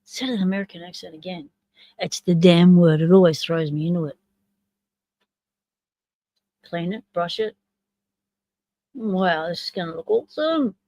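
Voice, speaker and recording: A woman hosting a live stream in casual chat. She talks to herself as she runs the stream software and comments along with a video. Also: lowish voice, moderate pace, pauses often, no echo, poor audio.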